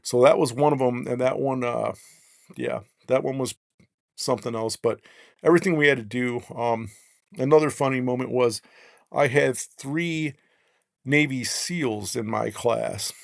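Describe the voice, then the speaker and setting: A man, a podcast guest, telling long rambling stories in casual chat and tagging his points with quick checks on the listener. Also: medium pitch, gravelly, no room sound, clean studio sound. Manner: rambling, peppers lines with "right?". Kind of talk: casual storytelling.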